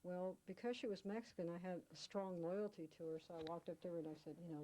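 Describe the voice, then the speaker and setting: A woman's voice: sits low, steady tone, a little fast, dark tone, low-quality recording. A woman recounting a past confrontation in an oral history interview, acting out what people said. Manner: vivid storyteller, acts out quoted speech. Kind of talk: storytelling recollection.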